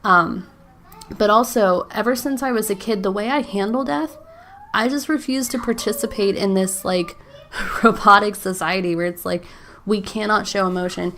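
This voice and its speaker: Woman in her 30s doing a solo podcast, lots of "like" and "um", mid-pitched, bit emotional. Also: normal speed, fairly bright tone, a little hiss or hum. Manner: chatty, frequent "like" and "um", laughs between thoughts. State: emotional, near tears. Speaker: podcast host. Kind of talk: casual faith podcast monologue.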